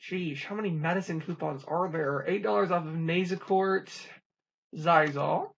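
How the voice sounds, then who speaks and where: Couponing vlogger with a gravelly, husky voice, running down a deal list item by item; dull lo-fi home recording. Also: medium pitch. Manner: reads items off in a quick plain list. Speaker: couponing channel host. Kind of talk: casual coupon rundown.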